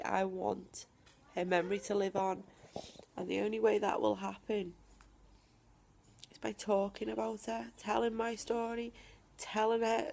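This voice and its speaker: A woman talking straight to camera from home in a personal video diary, emphatic and defiant, with deliberate pauses. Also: mid-range voice, gravelly, a little mellow, a little hiss or hum. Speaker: vlogger.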